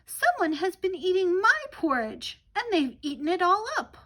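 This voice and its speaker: A woman voicing a tiny baby bear cub in a storybook reading, squeaky, high and loud. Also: big pitch swings, moderate pace, full character voice. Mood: upset.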